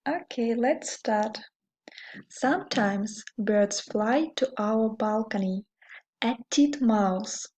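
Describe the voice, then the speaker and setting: A woman teaching English with a Russian accent, speaking slowly and carefully and repeating words for learners. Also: on the high side, darkish tone, rough recording. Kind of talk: slow English lesson for learners.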